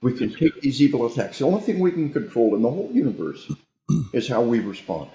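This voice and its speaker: A guest military trainer speaks in an interview with a sing-song, fairly quick, mid-range voice of dark tone. His storytelling turns preachy and emphatic, with frequent restarts, and the recording has a roomy echo.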